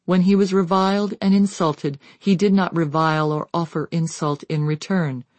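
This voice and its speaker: A reader giving a measured, steady scripted narration of a devotional book, citing scripture verses along the way. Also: mid-range voice, no echo. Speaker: audiobook reader.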